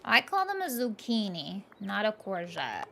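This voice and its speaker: A woman's voice: medium pitch, wildly swooping pitch, measured pace, vocal fry, bright, forceful tone, slight background noise. A young woman chatting casually and playfully as she plays a game on a live stream, laughing often.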